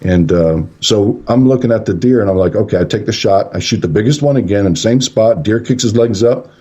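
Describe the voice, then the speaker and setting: A man's voice: lowish voice, brisk, dark tone, slightly rough. A man, a paranormal investigator and radio guest, rambling through a story and acting out the quotes. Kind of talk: casual storytelling on a radio show. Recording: dull lo-fi radio call.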